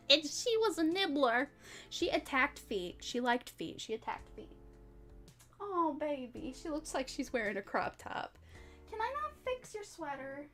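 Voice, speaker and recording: A young woman chatting casually on a live stream, bubbly and rambling, reading chat and giggling between thoughts. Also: high voice. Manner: bubbly, rambling, giggly, swings loud and soft. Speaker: VTuber streamer.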